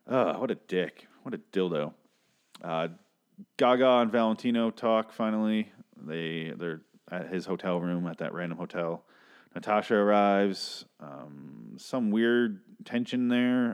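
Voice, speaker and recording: A man's voice: low-pitched, measured pace, smooth. A man casually recapping a TV episode, swearing often and sounding exasperated as he rambles through the plot. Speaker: TV recap host.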